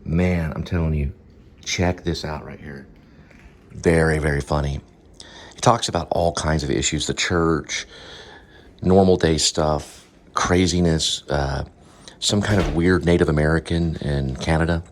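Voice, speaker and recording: A man's voice: very deep voice, steady tone, unhurried. A man casually recommending something, rambling and searching for words as he talks.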